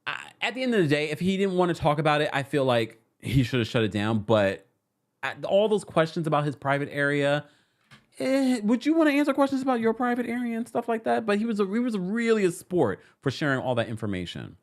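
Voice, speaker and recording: A young man talking in a sassy, gossipy way, his voice swinging up and down with lively pitch. He sits at a desk mic at home, chatting casually through a reality TV recap and reacting to his viewers. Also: fairly quick. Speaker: host.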